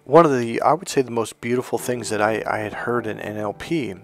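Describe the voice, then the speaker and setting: Male self-help speaker, mid-pitched, lively storyteller, faint music under him. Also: a little fast. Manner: animated and conversational, acts out quotes. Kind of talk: motivational talk with personal stories.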